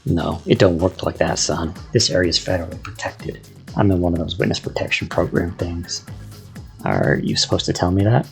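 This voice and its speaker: A man's voice: sits low, lively intonation, normal speed, creaky, faint music behind. A man voicing a suspicious, gun-toting rural man with a Texan drawl, speaking in threatening folksy talk.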